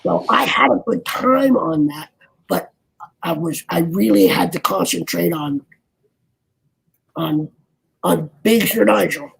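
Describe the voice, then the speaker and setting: An older man, an actor guest, chatting in an interview over a video call with a gravelly voice, rambling and restarting his sentences. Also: high voice, rough recording. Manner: rambling, halting, many restarts. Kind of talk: casual interview chat.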